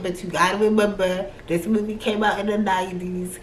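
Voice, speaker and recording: A woman's voice: mid-range voice, moderate pace, few pauses. Young american woman vlogging, atlanta-virginia-new york accent, chatty and slangy, echoey room with faint noise behind. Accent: American, mix of Atlanta, Virginia and New York. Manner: chatty and slangy, voicing her own reactions. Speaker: book review vlogger. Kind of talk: casual chat. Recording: roomy echo with faint background noise.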